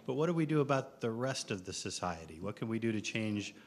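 A man from the audience steps up to ask a question at a public forum, friendly and measured in his delivery. His voice is on the low side. A faint room hum sits behind him. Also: animated. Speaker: audience member asking a question.

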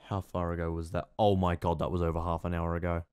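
An Australian man giving casual, sweary gameplay commentary with sudden shouted outbursts. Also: low voice, level tone, fast, slight background noise. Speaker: gaming streamer.

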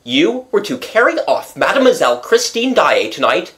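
Reader as a smug police commissary, measured and lecturing, lots of ups and downs in the voice. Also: medium pitch, big pitch swings, a bit bright, voice pushed up. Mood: probing. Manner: measured, lecturing, pleased with himself. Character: smug self-satisfied police commissary, man.

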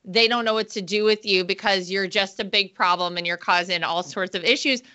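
A woman hosting a casual interview show, chatty and animated, laughing often as she retells stories. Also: mid-range voice, fairly quick, dull audio. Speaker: host.

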